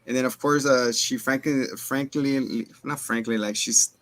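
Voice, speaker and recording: A man's voice: medium pitch, fairly even intonation, a little slow, fairly bright tone, dry recording. A man co-hosting a casual movie review, rambling through the plot and acting out characters' lines. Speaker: podcast co-host.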